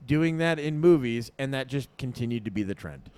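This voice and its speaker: A man in loose, crude podcast banter, his pitch bouncing up and down as he talks. He is blunt and teasing, quick to swear at his co-hosts. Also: animated, a little mellow, clear, resonant tone, no echo. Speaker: podcast co-host. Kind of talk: casual chat.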